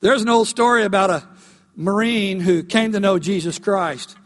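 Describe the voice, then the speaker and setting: A male pastor preaching a sermon, emphatic and animated, rising to loud peaks as he tells a story. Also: sits high, normal speed. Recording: long hall reverb.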